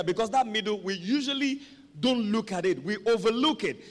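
A man preaching a sermon, dramatic and animated, with call-and-response to the congregation. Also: high-pitched, moderate pace. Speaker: pastor. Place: church hall. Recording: long echo of a large hall.

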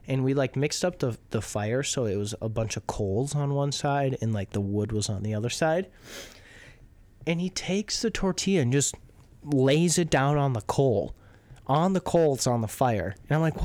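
A young man co-hosting a podcast, telling a story in casual chat, animated and profane, laughing as he goes. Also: medium pitch. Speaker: podcast co-host.

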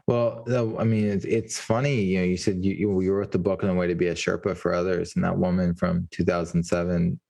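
A man's voice: low-pitched, little pitch movement, fairly quick, gravelly, hardly any pauses, darkish tone. A man hosting an interview, reflective and affirming, talking in long rambling turns. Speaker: podcast host. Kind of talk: podcast interview.

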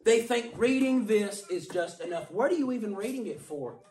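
Guy preaching hard, goes soft then yells, echoey room, sounds kinda distant from the mic. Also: high-pitched, animated, normal speed. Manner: impassioned, emphatic, swings from quiet to shouting. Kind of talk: sermon. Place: church hall.

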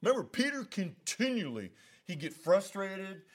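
A man teaching a Bible study in a relaxed, conversational way, often asking "you know what I mean?". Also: high-pitched, moderate pace. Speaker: pastor.

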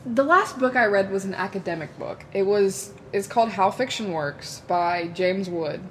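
Animated young woman, dramatic storyteller. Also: medium pitch, normal speed, a little hiss or hum. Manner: animated, dramatic storytelling, bursts of laughter, swears casually. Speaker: podcast co-host. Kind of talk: casual chat.

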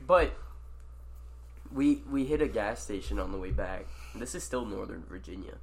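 A man telling a story in casual chat with friends, animated, swearing and acting out quotes. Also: fairly low pitch, moderate pace.

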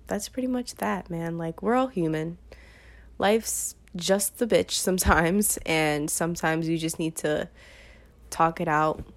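A young woman of nineteen from Brooklyn, speaking in a fairly low voice. She rambles through a casual solo podcast with plenty of ums and self-corrections, sounding unplanned and off the cuff. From Brooklyn, New York. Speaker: podcast host.

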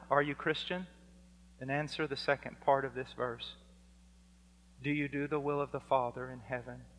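A man preaching a sermon, impassioned and building to near-shouting on key points. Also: a little high. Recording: long reverb of a large hall.

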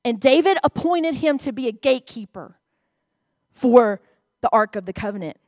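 A woman's voice: a little high, expressive, moderate pace, a little mellow, dry recording, studio quality. A woman, preaching a sermon in a church, reading scripture aloud and speaking expressively to the congregation.

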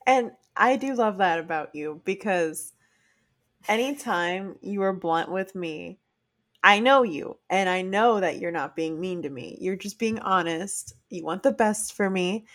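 A woman co-hosting a relaxed podcast chat, her pitch sitting in an ordinary middle range. She talks earnestly and with animation. She acts out little quoted exchanges as she tells her stories. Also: measured pace. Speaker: podcast co-host. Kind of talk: casual chat.

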